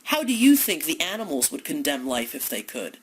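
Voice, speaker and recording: A woman's voice: deep voice, big pitch swings, fairly quick, slightly rough, rough recording. Woman delivering a fierce polemic monologue. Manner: dramatic, accusatory, rhetorical, swelling to declamation. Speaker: speaker delivering a philosophical monologue.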